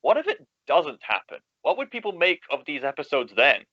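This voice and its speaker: A man's voice: on the high side, huge pitch swings, a little fast, pushed and bright, no room sound, highs cut off. A man co-hosting a podcast, chatting casually with playful, mock-formal jokes. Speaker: podcast co-host.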